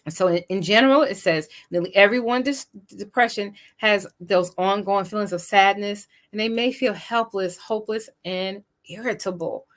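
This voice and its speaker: A woman's voice: mid-range voice, moderate pace, few pauses. A woman hosting an inspirational talk show, who reads passages aloud and comments on them. She speaks to viewers in an earnest, encouraging, preacher-like way. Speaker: host.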